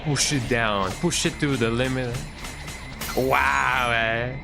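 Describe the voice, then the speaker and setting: A man's voice: mid-range voice, steady tone, slow, creaky. Playful man streaming a game. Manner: playful, tags lines with "eh?". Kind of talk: casual live-stream commentary. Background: game music.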